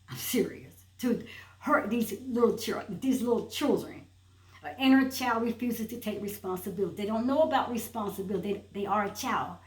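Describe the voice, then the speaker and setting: A woman's voice: mid-range voice, normal speed, reverberant, low-quality recording. A woman giving an emphatic motivational talk, repeating rhetorical questions and building to a point. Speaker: inspirational speaker. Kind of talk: motivational preaching monologue.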